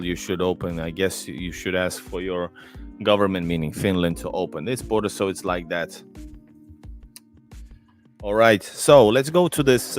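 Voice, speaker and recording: A man, casually chatting on a livestream, rambling with many fillers and restarts, close to the mic. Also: low voice. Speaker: livestream host. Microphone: close desk mic.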